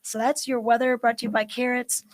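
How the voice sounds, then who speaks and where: A woman's voice: fairly high pitch, flat delivery, a little fast, rough recording. A woman hosting a live morning news show, chatting upbeat and running through local events with plenty of fillers. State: out of breath.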